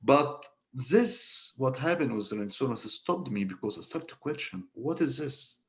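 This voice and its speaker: A man's voice: mid-range voice, expressive, unhurried, a bit bright. A man from Egypt with an Egyptian Arabic accent, speaking English as a panel guest. He tells a story casually, often restarting and repeating words.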